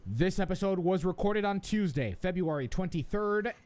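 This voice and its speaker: A man's voice: sits high, lively intonation, moderate pace, a little mellow. A man hosting a fan podcast, joking and stumbling through the intro. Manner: jokey, scattered, restarts intro lines. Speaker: podcast host. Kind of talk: casual podcast banter.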